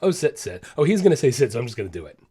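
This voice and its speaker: A man's voice: mid-range voice, very animated, very fast, mellow, breathy edge. A man voicing the thoughts of a confused pet dog, muttering to itself. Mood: rote.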